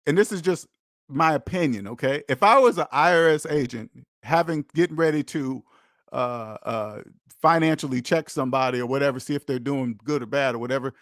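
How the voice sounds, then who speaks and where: In a preachy monologue to camera, a male personal finance host lectures his viewers emphatically and repeats himself often. His mid-range voice is a little fast and a bit bright, and the recording is dry.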